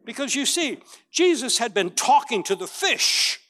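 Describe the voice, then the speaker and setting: A man preaching a sermon as a pastor, telling the story with lively acted-out voices and big swings from loud to quiet. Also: very high-pitched, unhurried. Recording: long reverb of a large hall.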